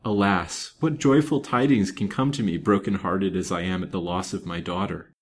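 A man's voice: low voice, moderate pace, a little hiss or hum, close to an everyday voice. A man voicing an elderly banker grieving his daughter, speaking in trembling, fervent exclamations.

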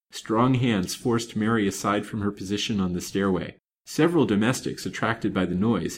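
A man narrating a serialized old novel in a measured, dramatic reading. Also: on the low side, slightly rough. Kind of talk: scripted audiobook narration.

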